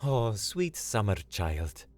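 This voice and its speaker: A man's voice: on the low side, very animated, slow, soft background music, pitched above the performer's own voice. A man voicing a sarcastic, no-nonsense young woman with a dry, snappy delivery.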